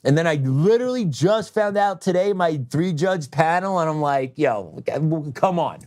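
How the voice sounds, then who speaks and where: A middle-aged man hosting a political talk show, ranting heatedly, with loud outbursts that drop into quieter reflection and frequent laughs. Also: sits high, lively intonation, moderate pace. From United States.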